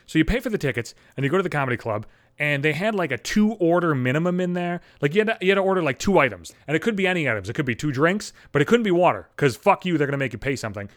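A man rattles off a casual, rambling solo podcast monologue at a quick clip. His voice sits a little high, and swear words pepper nearly every sentence. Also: lively intonation, fairly bright tone. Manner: rambling, heavy profanity. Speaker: podcast host.

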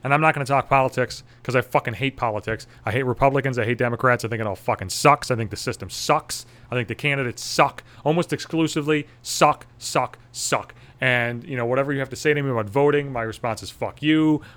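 A man's voice: medium pitch, fast talker, few pauses, fairly bright tone. Foul-mouthed man on an angry rant. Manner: angry, swearing constantly, sarcastic. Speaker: radio station worker. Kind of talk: profane ranting monologue.

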